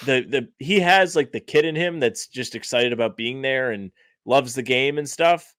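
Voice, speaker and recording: A man's voice: medium pitch, normal speed, a bit bright, no room sound. Laid-back young man on a dry mic. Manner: laid-back, self-deprecating, says "like" often. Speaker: podcast co-host. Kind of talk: casual sports podcast chat.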